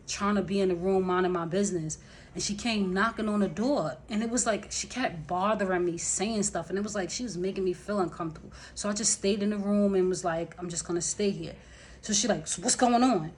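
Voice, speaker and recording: A woman's voice: mid-range voice, a little hiss or hum. Woman telling a rambling personal story. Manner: rambling, with many fillers and restarts. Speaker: vlogger. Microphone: camera.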